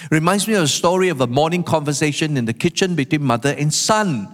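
A man preaching a sermon, animated, acting out the quotes he tells. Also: fairly high pitch, fast talker. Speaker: pastor. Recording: long hall reverb.

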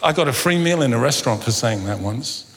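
A middle-aged man gives a humorous sermon in an animated, storytelling manner. He acts out little scenes of dialogue and plays for laughs. His voice sits at an ordinary pitch and carries a long reverb from the hall. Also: fast, a little hiss or hum. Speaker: preacher.

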